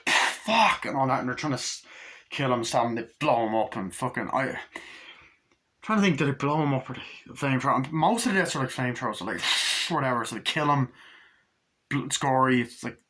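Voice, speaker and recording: Bright-voiced man ranting about a movie. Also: mid-range voice, a little fast. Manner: rambling, profane, excitable retelling. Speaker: movie reviewer. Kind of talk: casual spoken movie review.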